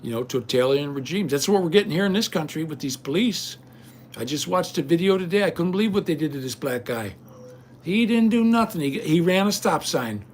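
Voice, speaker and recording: An older man rambles and rants to his stream viewers with growing indignation. His voice sits a bit higher than most men's, and a faint hiss runs under the recording. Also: expressive, brisk. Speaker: livestream host. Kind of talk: casual rant to viewers.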